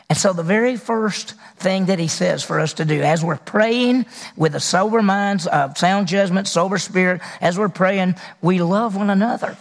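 A man's voice: sits high, long reverb tail. A man preaching a sermon as pastor, talking in a conversational way and putting questions to his congregation.

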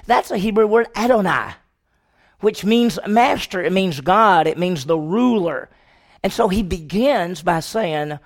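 A man with a slightly high, gravelly voice leads a Sunday school Bible lesson. He talks emphatically, repeats and restarts his words, and keeps putting rhetorical questions to the class. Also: expressive, a little slow. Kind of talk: Bible class teaching with prayer.

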